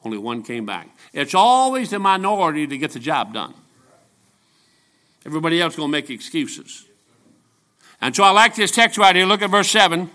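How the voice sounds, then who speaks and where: Bright-voiced seventy-year-old male preacher. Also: sits high, sing-song, fairly quick. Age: 70s. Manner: folksy, joking, emphatic preaching. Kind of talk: storytelling sermon.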